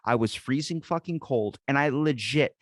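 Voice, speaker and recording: A man at a middle pitch, chatting casually on a podcast. He tells his story in a rambling, profane way, full of restarts and curses. The sound is dry and close, with no room echo. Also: moderate pace. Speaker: podcast host. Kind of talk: casual chat. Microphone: video call.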